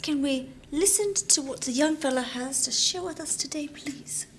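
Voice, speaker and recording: A woman playing a pompous, condescending director persona, speaking in an affected, over-sweet and hushed way. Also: sits high, moderate pace, slight background noise, close to an everyday voice. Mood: patronizing. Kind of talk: comedy film acting.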